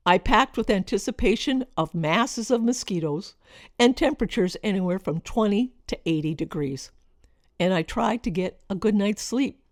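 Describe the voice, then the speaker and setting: A middle-aged woman from Minnesota reading her own personal story in a reflective, expressive way. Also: mid-range voice, normal speed, no room sound, studio quality. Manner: reflective, expressive, lingering over list words.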